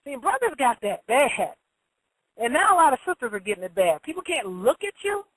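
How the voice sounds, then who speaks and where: A woman's voice: high-pitched, very animated, normal speed, a bit bright, no echo, rough recording. Woman, casual monologue host, blunt storyteller, acts out quotes, dry room.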